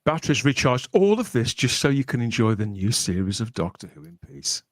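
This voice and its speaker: A man's voice: mid-range voice, sing-song, a little fast, vocal fry, no echo, studio quality. A man from Birmingham, England, hosting a casual podcast livestream in a jokey, chatty way, often laughing. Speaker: host.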